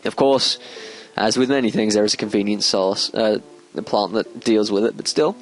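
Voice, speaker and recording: A man giving casual let's play commentary, explaining as he plays, with sudden squeaky excited outbursts. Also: moderate pace, rough recording. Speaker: gameplay commentator. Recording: game music playing behind. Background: game music.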